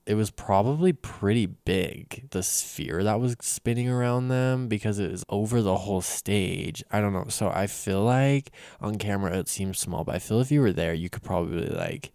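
A young man hosting a podcast, telling a casual story in an excitable way, laughing often and bursting into loud emphasis. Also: lowish voice, moderate pace, hardly any pauses, no echo, studio quality. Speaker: podcast host.

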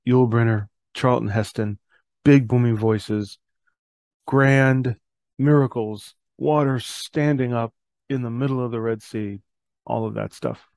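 Podcast host, middle-aged man, gravelly, earnest reflective talk, dry close sound. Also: medium pitch, fairly even intonation, a little slow, darkish tone, no room sound. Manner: earnest, reads scripture aloud, self-correcting.

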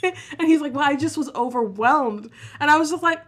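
A woman's voice: high voice, fast talker, hardly any pauses. A woman co-hosting a casual podcast chat, swearing freely and breaking into laughter as she tells stories. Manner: laughs often, swears freely, animated storytelling. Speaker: podcast co-host.

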